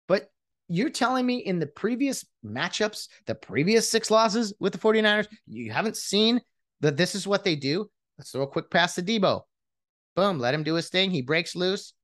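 A man vents about football in a casual rant, his pitch leaping and falling as he goes. He sounds exasperated and mocking, stumbling over restarts as the words pile up. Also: expressive, normal speed, a bit bright. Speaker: sports commentator venting as a fan.

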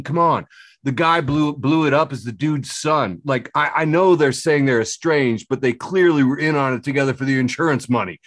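A man's voice: a little high, a bit bright, no room sound. Laughing man with a dry sound. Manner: laughs often, reads captions with mock outrage. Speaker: podcast co-host. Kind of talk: casual chat reading memes.

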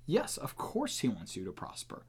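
An earnest man hosts a podcast and teaches in a casual way. His voice is mid-pitched, and he leans hard on key words as he explains. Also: wildly swooping pitch, moderate pace, darkish tone, husky. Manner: earnest, emphatic, with restarts. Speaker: podcast host teaching the Bible.

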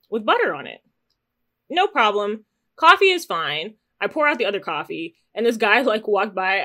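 This podcast co-host, a woman, shares a story in an easy, animated way, swearing freely with quick asides along the way. Whenever she quotes herself, her voice jumps into loud, high squeals.

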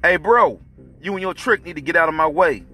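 A man voicing an arrogant, drunk police officer who talks loud and slurs his words. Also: on the low side, normal speed, faint music behind. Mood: yelling. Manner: loud, swaggering, slurring. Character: arrogant drunk male cop, bullying and crude.

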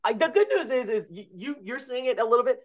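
A man's voice: very high-pitched, big pitch swings, quick pace. A man co-hosting a casual film review podcast, gushing with enthusiasm and heaping on superlatives. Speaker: podcast co-host.

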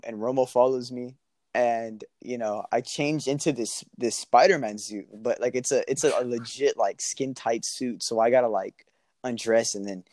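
Young man, relaxed slangy storytelling, medium pitch, dry sound. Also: dry recording. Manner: laid-back, slangy, laughs often. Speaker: guest. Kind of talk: casual storytelling.

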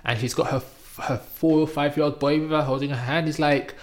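A man's voice: on the high side, brisk, hardly any pauses. A man from Britain casually telling a personal travel story in conversation, acting out other people's lines with raised voices. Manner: animated storytelling, acting out quoted voices loudly. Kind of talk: casual chat, anecdote.

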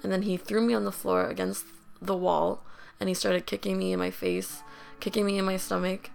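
A young woman talks through her own story as a podcast host, candid and loose, with fillers everywhere. Her mid-pitched voice is thick with gravelly fry. Faint music sits in the background. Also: lively intonation, normal speed, darkish tone. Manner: candid, rambling, heavy use of "like" and fillers. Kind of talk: personal storytelling.

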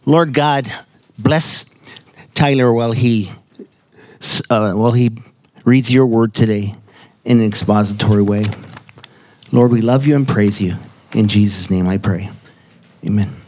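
A man's voice: lowish voice, unhurried, pauses often, darkish tone, dry recording. An American man reading scripture aloud in church and then leading an earnest opening prayer. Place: church sanctuary.

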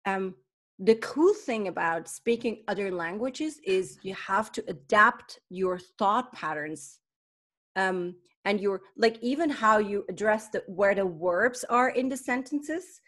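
A woman in casual conversation as a guest, talking in a lively way and often restarting her sentences. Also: medium pitch, slow.

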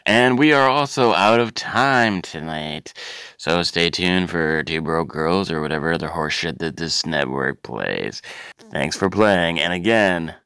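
A man doing a profane, deadpan quiz host. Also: low-pitched, clear, resonant tone, no echo, studio quality, exaggerated voice. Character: sarcastic, foul-mouthed male quiz show host. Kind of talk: comedic sketch host parody.

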